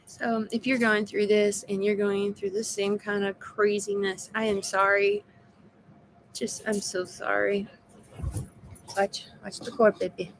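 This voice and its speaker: A woman's voice: mid-range voice, little pitch movement, a little slow, a little hiss or hum. A woman giving a casual personal video update, weary and frank, sounding exhausted. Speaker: vlogger.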